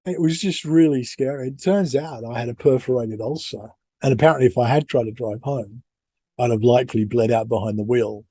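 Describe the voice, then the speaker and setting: A middle-aged British man telling a personal story on a podcast. His voice is mellow and a little husky, recorded close and dry. He rambles, restarts and pokes fun at himself. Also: medium pitch, fairly quick, no room sound. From United Kingdom. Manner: rambling, self-deprecating, many restarts. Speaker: podcast co-host. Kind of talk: casual storytelling.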